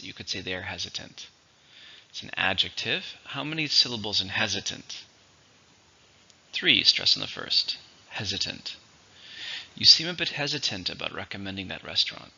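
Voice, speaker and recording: A man teaches English vocabulary with a gravelly, slightly husky voice that still has a sharp, bright edge. He speaks slowly and deliberately, modelling each word's syllables and stress before reading example sentences. The recording sounds dull and lo-fi. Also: fairly low pitch, lively intonation.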